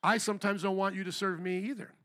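A pastor delivers a sermon in an animated style, acting out little quoted voices and calling out to his congregation. His voice sits high and moves at a quick pace.

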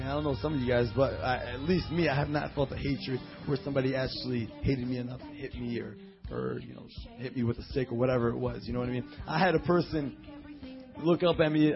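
A man preaching a sermon as pastor, reading scripture slowly and telling personal stories full of fillers and quoted voices. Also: mid-range voice, highs cut off. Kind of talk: sermon with storytelling.

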